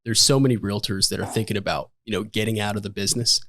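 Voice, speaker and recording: A man's voice: fairly low pitch, fairly even intonation, fast, a bit bright, no echo, clean studio sound. A man hosting a podcast interview, keen and full of praise for his guest. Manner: enthusiastic, hyping up the guest. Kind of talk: casual interview.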